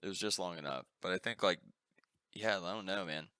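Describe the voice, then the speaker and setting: Bright-voiced swearing young podcast host. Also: male voice, deep voice, a little fast, smooth, no room sound, clean studio sound. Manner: animated storyteller, swears freely. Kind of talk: casual chat.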